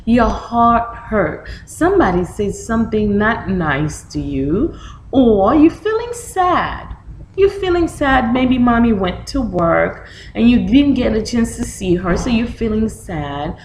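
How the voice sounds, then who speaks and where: Reading slowly from a picture book, a woman with a slightly high voice asks young children questions and acts out reactions in a lively storytime lesson. The rough recording is echoey, with a little hiss or hum.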